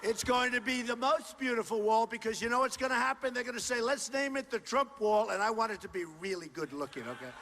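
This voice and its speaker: A man giving a campaign rally speech, punchy and repetitive and boastful, often shouting to the crowd through a stage microphone in a large indoor venue. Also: very high-pitched, animated, quick pace, hardly any pauses. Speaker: political candidate. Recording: long hall reverb with faint crowd noise.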